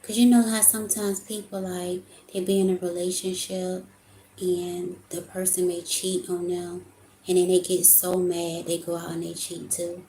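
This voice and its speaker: Mellow-voiced woman reading tarot cards. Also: fairly low pitch, flat delivery, normal speed, slight background noise. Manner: emotional, talks to viewers as y'all. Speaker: tarot reader. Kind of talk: casual tarot reading to camera. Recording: echoey room with faint ambience.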